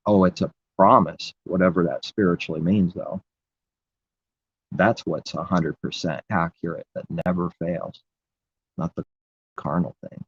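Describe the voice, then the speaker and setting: A man's voice: low-pitched, fairly even intonation, a little slow, pauses often, husky, muffled recording. A man preaching in an impassioned, rambling religious monologue, repeating his phrases.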